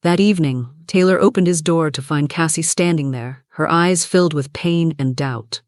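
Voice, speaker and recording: A narrator reading a romance story in an even, steady way. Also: mid-range voice, normal speed, no echo, studio quality.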